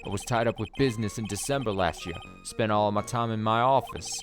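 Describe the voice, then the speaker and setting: A man's voice: lowish voice, fast talker, lightly acted. Man doing a thuggish Brooklyn loan shark. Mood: threatening. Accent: put-on Brooklyn. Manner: gruff, bullying, loud. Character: menacing male loan shark, hot-tempered, thuggish. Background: game music.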